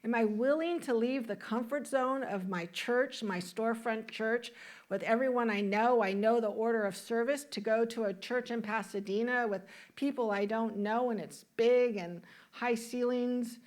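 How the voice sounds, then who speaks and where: A woman minister delivers a sermon in a church sanctuary, her voice sitting a little higher than most. She preaches in a warm, conversational way and asks her listeners question after question. Now and then she laughs along with them. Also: normal speed.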